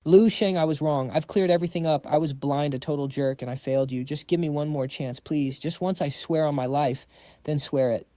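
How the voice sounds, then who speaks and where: A man's voice: fairly high pitch, steady tone, brisk, warm tone, dry recording, natural voice. A man voicing a proud woman scientist who pleads with her ex-husband in an earnest manner. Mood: pleading.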